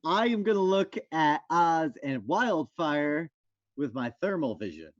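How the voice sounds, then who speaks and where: A man playing a tabletop game in relaxed, casual talk. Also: fairly high pitch, a little slow. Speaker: player. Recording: dull lo-fi sound.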